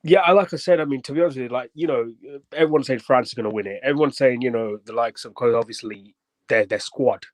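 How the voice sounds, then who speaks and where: A man's voice: mid-range voice, quick pace, no echo. A man calling into a football show, giving a rambling match reaction full of fillers. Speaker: caller.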